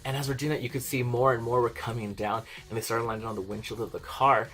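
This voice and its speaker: Young guy vlogging, talks quick, swears a lot, laughs thru his story, faint music behind. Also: medium pitch, level tone, a bit bright. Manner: profane, chatty, laughs often. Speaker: beauty vlogger. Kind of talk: casual storytelling to camera.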